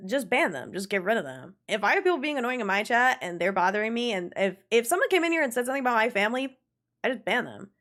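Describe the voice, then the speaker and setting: Young woman, game streamer, casual chat, animated, laughs a lot, swears freely. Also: a little high, fast talker.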